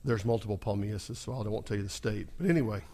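Talking fast in a voice on the low side, this pastor drives his sermon with repeated call-and-response lines to the congregation. He moves between quiet asides and loud exclamations that climb upward.

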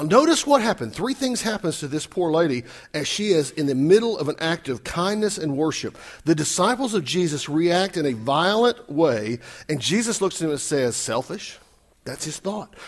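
A male preacher delivering a sermon, his voice a bit higher than most men's. He talks with a lot of swing in pitch, moving from loud emphatic lines to quiet asides. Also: normal speed. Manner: animated, shifts loud and soft, acts out quotes. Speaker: pastor.

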